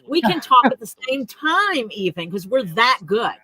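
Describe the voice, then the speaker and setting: A woman's voice: fairly high pitch, very animated, moderate pace, pushed and bright, slightly rough. A woman calling into a live stream, joking playfully with the hosts. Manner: playful, teasing. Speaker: guest caller. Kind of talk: casual live-stream chat.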